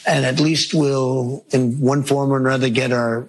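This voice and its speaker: A man's voice: medium pitch, fairly even intonation, a little slow, creaky. A man answering reporters' questions in a news clip, talking in emphatic, repetitive superlatives. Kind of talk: played news clip, press remarks.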